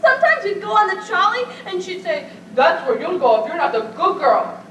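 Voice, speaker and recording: A woman's voice: very high voice, sing-song, brisk, fairly bright tone, a little hiss or hum, exaggerated voice. A woman playing a childlike, nervous grown aunt who giggles and tears up, in an amateur stage play recorded from far off on an echoey stage. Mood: giddy nervous. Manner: tearful, giggly, eager.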